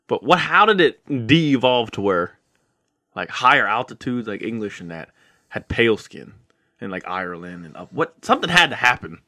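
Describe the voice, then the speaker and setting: A young man co-hosting a podcast, musing out loud in a loose, rambling way with lots of fillers. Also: mid-range voice, very animated, moderate pace, dry recording, studio quality. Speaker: podcast co-host. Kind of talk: casual chat.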